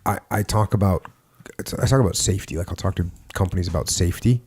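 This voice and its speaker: A man's voice: sits low, fast, a little mellow, husky. A man hosting a podcast, talking in a casual, emphatic way and sometimes acting out barked orders. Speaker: podcast host. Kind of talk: casual conversation.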